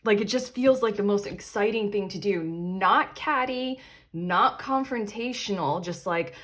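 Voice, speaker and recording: A young woman talks through a tarot reading in a chatty, animated way. She laughs easily and trails off into fillers, and her voice sits in a middle pitch. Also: measured pace. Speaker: tarot reader and channel host. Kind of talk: casual pick-a-card tarot reading.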